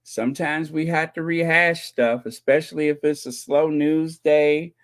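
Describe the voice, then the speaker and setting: A man's voice: a little high, steady tone, a little slow. A man hosting a casual live stream, reading viewers' comments and talking to them in a joking, sarcastic way, laughing and repeating himself often. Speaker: host of a royal commentary channel.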